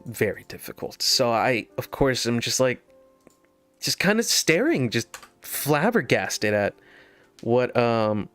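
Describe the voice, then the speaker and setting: A man's voice: mid-range voice, slow pace, fairly bright tone, clean tone, faint music behind. A man telling a story while playing a game, rambling with many fillers and nervous laughs. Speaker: gaming video host. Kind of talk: casual gameplay commentary with storytelling.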